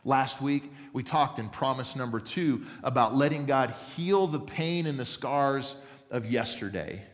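A man's voice: medium pitch, measured pace. A man preaching a sermon as pastor, earnest and building emphasis as he tells a story. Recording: reverberant hall.

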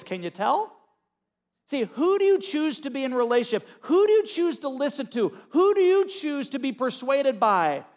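A man preaching a sermon as pastor, moving between quiet, low reflection and loud, emphatic calls to the congregation.

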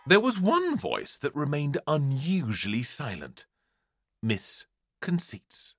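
Lively British storybook narrator. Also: male voice, a little high, a little slow, dry recording. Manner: theatrical, playful voices. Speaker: audiobook narrator.

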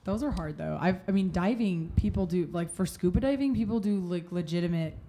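A woman co-hosting a casual chat, chiming in with quick reactions. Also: on the low side, mellow, a little hiss or hum.

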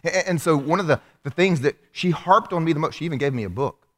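A man preaching a sermon in a church, animated and humorous, acting out the voices of the people he quotes. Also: a little high, quick pace. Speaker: pastor. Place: church hall. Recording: long hall reverb.

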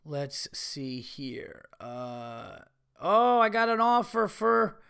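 A man's voice: fairly high pitch, sing-song, very slow, gravelly, fairly bright tone, clean tone. A middle-aged man hosting a podcast, ranting in a profane, repetitive, emphatic way. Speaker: podcast host. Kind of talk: casual solo podcast rant.

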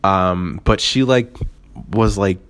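A young man with a very low voice spins a casual story for his podcast. He rambles and swears freely, leans hard on fillers, and keeps a sarcastic streak running through the telling. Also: slow, a bit bright, clear, resonant tone. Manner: rambling, profane, filler-heavy. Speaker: podcast host.

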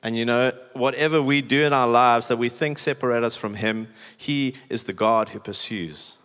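A man's voice: medium pitch, moderate pace, fairly bright tone, clear, resonant tone. A man preaching a sermon in a chatty, emphatic way, with many "like"s. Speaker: pastor. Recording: echoey hall with long reverb.

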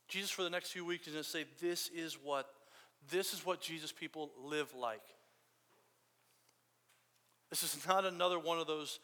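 Bright-voiced man preaching in a hall. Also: fairly high pitch. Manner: casual storytelling preacher, animated quotes. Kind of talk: sermon. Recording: long hall reverb.

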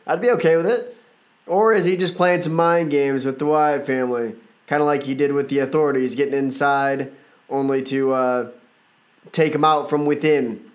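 A man with a somewhat high voice runs his own reaction show, talking casually and loosely. His throat is a little froggy and hoarse, and he tosses in playful asides as he goes. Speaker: podcast host. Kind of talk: casual wrestling reaction talk.

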